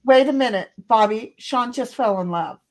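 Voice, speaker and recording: A woman co-hosting a casual livestream chat, reading viewers' comments aloud in an animated, laughing way. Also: on the high side, moderate pace. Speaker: stream co-host.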